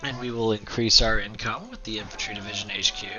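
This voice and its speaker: A man hosting a let's play, chatting casually about a strategy game and dropping into quiet, half-whispered asides now and then. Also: on the low side, fast talker, muffled recording, over music. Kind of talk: casual gameplay commentary.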